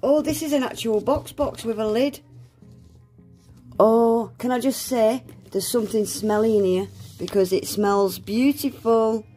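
A woman's voice: fairly high pitch, unhurried, warm tone, faint music behind. A young woman, unboxing gifts in a casual vlog, gasping and exclaiming often and swearing casually. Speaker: nail art vlogger.

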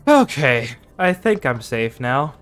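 A man giving joking, self-mocking commentary over his own gameplay, quick to get startled. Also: medium pitch, very animated, a bit bright, soft background music. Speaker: gaming video creator.

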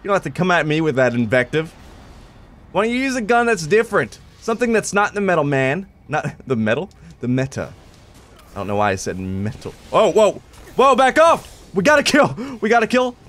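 A young man giving excited live gameplay commentary, joking, shouting at opponents and dropping to low mutters. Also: fairly quick. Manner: animated, jokey, swings from shouting to muttering. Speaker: gameplay reviewer.

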